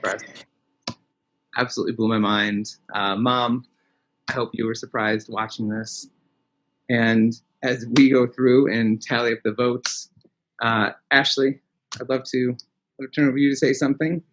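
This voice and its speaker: A man's voice: medium pitch, fairly even intonation, fairly bright tone, slight background noise, low-quality recording. Earnest man hosting an online show. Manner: earnest, halting, restarts phrases. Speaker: show host.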